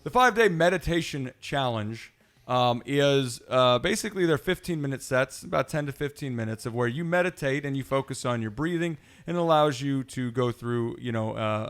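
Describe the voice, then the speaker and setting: A man's voice: medium pitch, clear, resonant tone. Playful male podcast host, loose and rambling, everyday mid voice. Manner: rambling, playful, many fillers. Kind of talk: casual podcast talk.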